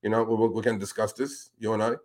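Indignant talk-show host, animated man. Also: on the low side, fast talker. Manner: animated, indignant, addresses politicians as "sir". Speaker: podcast host. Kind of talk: casual talk-show commentary.

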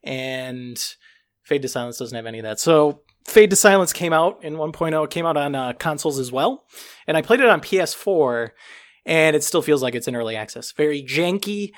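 A man reviewing a video game in a casual podcast chat, animated and emphatic, with a joking tone. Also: on the high side, brisk.

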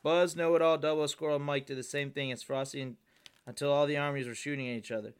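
A man's voice: on the high side, steady tone, fast, clear, resonant tone. A young man on his podcast reading aloud his own childhood story, with amused, chatty asides. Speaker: podcast host.

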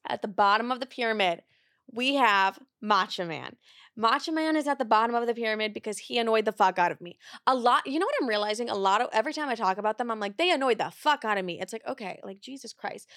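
Young woman host, higher voice, profane and frank, dry close mic. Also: lively intonation, quick pace, a bit bright, no room sound. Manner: blunt, profane storytelling with acted-out quotes. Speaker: podcast host. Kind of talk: casual confessional chat.

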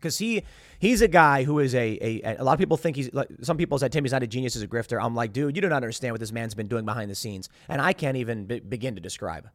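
A man's voice: medium pitch, expressive, quick pace, no room sound, studio quality. A man hosting his own commentary show, talking casually in a rambling way with many restarts. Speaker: podcast host.

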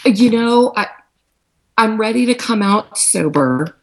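A woman's voice: on the high side, lively intonation, slow pace. A woman calling into a podcast, thanking the hosts and sounding a little nervous. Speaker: caller. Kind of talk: casual chat.

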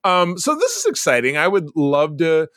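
Bright-voiced chatty podcast guy. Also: a little high, wildly swooping pitch, moderate pace, no echo, studio quality. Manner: rambling, chatty, lots of fillers and restarts. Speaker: podcast co-host. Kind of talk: casual chat.

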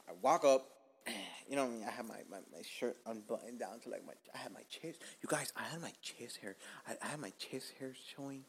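A young man tells a long story on his podcast. He talks casually and swears a lot. He drops to a whisper or jumps up in pitch when he acts out his own lines. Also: a little fast, slightly rough. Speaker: podcast host.

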